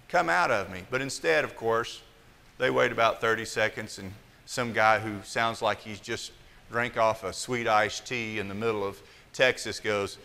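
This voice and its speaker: A man preaching a sermon, telling stories in an animated way that swings between loud and hushed. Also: mid-range voice, normal speed, gravelly, big-room sound. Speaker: pastor.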